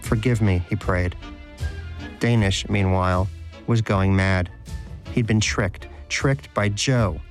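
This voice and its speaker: A man narrating a storybook in a dry, wry, measured manner. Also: deep voice, steady tone, soft background music.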